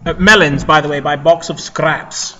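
A man's voice: a little high, fairly even intonation, moderate pace, sharp tone. A man hosting a live fan-fiction reading for an audience, speaking in a formal, mock-pompous way. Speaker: panel host. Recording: long hall reverb, dull sound.

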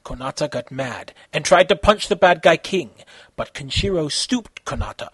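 Man, amateur story reading, halting, self-correcting, husky, dry sound. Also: a little high, expressive, a bit bright, no echo. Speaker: fan fiction author reading his story.

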